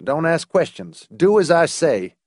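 A cool-headed grown man barking short, flat orders, put on by a male narrator. The voice sits a bit higher than the reader's own and sounds slightly altered in timbre. It comes across dry and close. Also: a little slow, no room sound, full character voice. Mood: curt. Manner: dispassionate, curt orders. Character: calm, commanding grown man.

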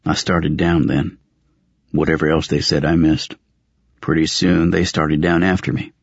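A man's voice: extremely low pitch, little pitch movement, unhurried, breathy edge, no echo, muffled recording. A man narrating a fantasy audiobook in the first person, in a dry, wry, world-weary tone.

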